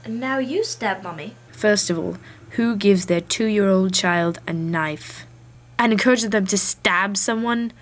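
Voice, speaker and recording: A woman vlogger chatting in a put-on English accent, snarky and hesitant, with lots of ums and uhs. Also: mid-range voice. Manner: snarky, hesitant with many fillers. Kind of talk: casual monologue.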